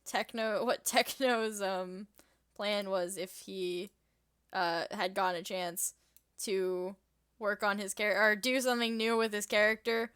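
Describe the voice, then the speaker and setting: A woman's voice: medium pitch, fairly even intonation, measured pace, a bit bright, smooth, no echo, studio quality. A young woman co-hosting a fan podcast in casual chat, giggly and rambling with lots of ums. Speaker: podcast co-host.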